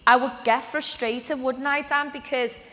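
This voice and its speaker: A woman's voice: high-pitched, steady tone, a little slow, fairly bright tone. A woman giving a motivational personal story to an audience at a training event, chatty and acting out the conversations she remembers. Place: event venue with a live audience. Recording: echoey large event hall.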